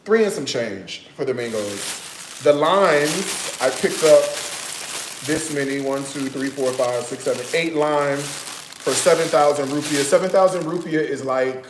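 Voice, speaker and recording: A chatty man with a drawl hosts a casual cooking livestream, his voice sitting a touch high for a man. He keeps asking "okay?" and calls his viewers "y'all". The sound carries a noticeable echo from a bouncy kitchen. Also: a little slow, background noise. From United States. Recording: echoey room.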